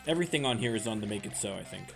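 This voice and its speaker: A man's voice: on the low side, lively intonation, racing, vocal fry, over music. A Canadian man with a Canadian accent, casually chatting and joking to viewers while streaming a game. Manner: chatty, joking asides, talks to chat. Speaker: gaming streamer. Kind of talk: casual let's-play commentary.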